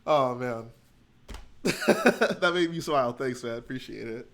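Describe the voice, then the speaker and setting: A man's voice: medium pitch, a little slow, a bit bright. A man hosting a livestream at home, chatting casually and thinking aloud as he builds. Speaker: livestream host. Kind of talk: casual chat while building.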